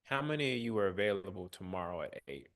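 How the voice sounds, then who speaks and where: Man, very deep voice, workshop host, directive, casual, dry close sound. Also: very animated, fast, a bit bright, dry recording. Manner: directive, coaxing; casual slang. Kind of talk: live online coaching session.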